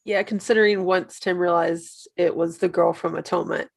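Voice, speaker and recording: A woman co-hosting a casual movie discussion, giving measured, thoughtful critique. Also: on the low side, fairly even intonation, gravelly, husky, no room sound. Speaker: podcast co-host.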